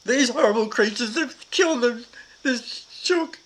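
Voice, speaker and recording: A man's voice: high voice, moderate pace, creaky, bright, forceful tone, voice pushed up, exaggerated voice. An older man voicing his younger self as a distraught, tender-hearted boy.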